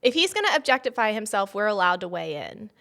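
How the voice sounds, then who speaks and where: A young woman co-hosting a casual chat podcast at an ordinary middle pitch. She talks in dry, teasing banter and chats easily. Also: big pitch swings, quick pace, bright, forceful tone. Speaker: podcast co-host.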